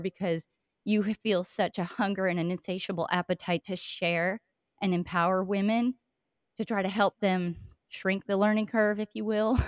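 Woman hosting a podcast, gushing and encouraging, kinda low voice, super dry sound. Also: no echo. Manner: effusive and affirming. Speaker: podcast host. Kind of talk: casual podcast interview.

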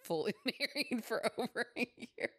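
A woman's voice: on the high side, animated, normal speed, a bit bright. A woman in her thirties co-hosting a podcast, chatting earnestly and reading listener ghost stories aloud. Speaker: podcast co-host, storyteller.

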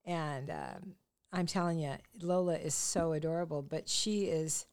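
A middle-aged woman co-hosting a podcast, telling stories in a chatty, lively way and often breaking into laughter. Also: deep voice, a little slow. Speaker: podcast co-host and comedian. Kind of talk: casual podcast chat.

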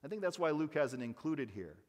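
A man's voice: a little high, very animated, brisk. Emphatic male pastor in a reverberant church. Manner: emphatic, swings between loud stresses and quiet asides. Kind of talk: sermon.

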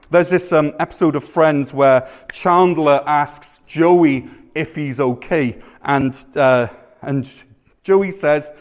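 A male pastor preaching a sermon at a live church service, conversational and self-deprecating, telling stories with animated asides. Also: a little high, slow pace.

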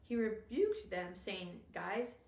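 Woman, earnest Bible study reading, emphatic, fairly high voice, slight vocal fry. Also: expressive, a little slow. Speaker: co-host reading a faith book aloud. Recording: echoey room, voice a bit far from the mic.

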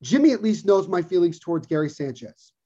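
Dull lo-fi podcast audio captures a co-host whose high-sitting voice is dark-toned, slightly rough, and very animated as he briskly rants about sports. He drives his opinions home by saying them again in this casual talk.

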